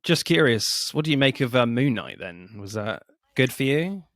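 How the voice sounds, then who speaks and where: A man's voice: medium pitch, big pitch swings, moderate pace, a bit bright, no echo, studio quality. A man hosting a film podcast, chatting casually and laughing often. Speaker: podcast host. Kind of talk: casual chat.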